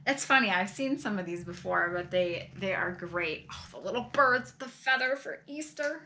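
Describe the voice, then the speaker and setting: A middle-aged woman chatting casually as she opens fan mail at home, gushing and exclaiming, with soft sighs and laughs. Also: medium pitch, expressive, moderate pace, a little hiss or hum. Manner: often sighs and laughs softly. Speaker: vlogger opening fan mail. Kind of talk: casual chat.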